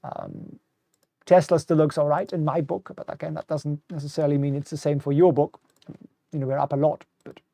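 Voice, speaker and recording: A man's voice: a little high, flat delivery, a little fast, creaky, mellow, dry recording. German-accented man hosting live market talk. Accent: German, with British English. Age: middle-aged. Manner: casual, repeats words, reads viewer questions aloud. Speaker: host. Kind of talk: live market commentary stream.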